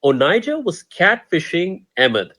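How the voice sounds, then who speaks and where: A man tells a story in a loose, chatty way, laughing as he goes. His voice is a little high and husky, and his pitch rises and falls a lot. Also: a little slow. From Pakistan. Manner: animated, laughs often, acts out quotes. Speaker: commentator. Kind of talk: casual storytelling commentary.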